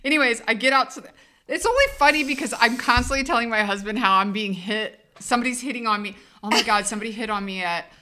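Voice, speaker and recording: Talking quickly in a high, pushed, bright voice, a podcast co-host rambles through a casual story, laughing often along the way.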